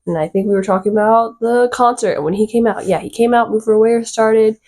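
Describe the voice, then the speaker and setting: A woman vlogger telling a rambling, excitable storytime, full of fillers and little giggles. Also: a little high, brisk. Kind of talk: casual storytime chat.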